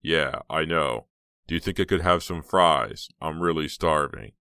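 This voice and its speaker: A man's voice: extremely low pitch, a little slow, pushed and bright, clear, resonant tone, no echo, studio quality, exaggerated voice. Man doing a laid-back, evasive teenage boy. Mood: offhand.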